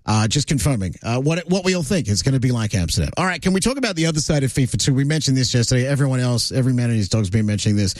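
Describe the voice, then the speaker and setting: A man's voice: mid-range voice, expressive, very fast, few pauses, no room sound. A man hosting a talk radio show, opinionated and sardonic, with lots of "uh" fillers. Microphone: studio broadcast mic.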